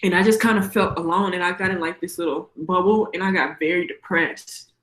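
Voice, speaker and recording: A young woman giving a personal testimony in a church, telling her story in a casual, hesitant way with many fillers and a soft, heartfelt tone. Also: fairly low pitch, steady tone, fairly quick, roomy sound, poor audio.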